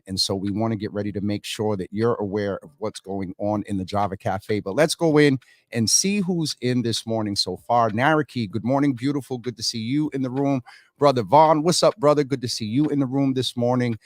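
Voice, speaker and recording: A man's voice: medium pitch, fairly quick, no echo, studio quality. A man hosting a casual morning livestream, chatting and greeting viewers by name as they join. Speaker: livestream host.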